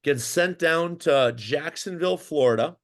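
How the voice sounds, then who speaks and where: Unhurried and on the high side, a man's voice carries a long story told in a casual interview. The speaker, a Minnesota native and former pro hockey goalie, is an animated, rambling narrator full of fillers and restarts.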